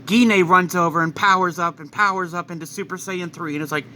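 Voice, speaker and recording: Bright, excitable male storyteller. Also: high-pitched, a little fast, a little hiss or hum. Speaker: fan story narrator. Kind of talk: casual fan-fiction narration.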